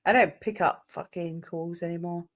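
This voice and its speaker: A woman's voice: on the low side, fairly even intonation, moderate pace. A woman in casual chat, blunt and teasing, swearing freely.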